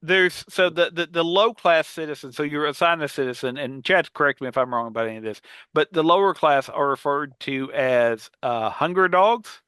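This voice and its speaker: Podcast co-host, male, bright forceful tone, dry close mic, chatty and meandering. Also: on the high side, normal speed, hardly any pauses, clean tone, no room sound. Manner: rambling, many fillers and restarts. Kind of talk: casual panel chat.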